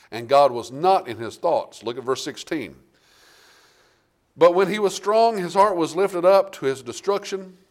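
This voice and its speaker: A man preaching a sermon, reading King James scripture and calling out to the congregation, with big swings between loud and quiet. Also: fairly high pitch. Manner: animated preaching with big swings in loudness, asking the congregation "Amen?".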